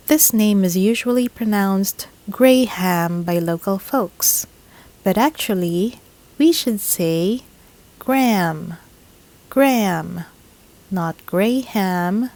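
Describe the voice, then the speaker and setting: A woman's voice: medium pitch, darkish tone, low-quality recording. A woman, teaching English pronunciation in a scripted lesson, repeating each word carefully. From Philippines. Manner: slow, deliberate, repeats each word several times. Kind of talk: scripted instructional narration.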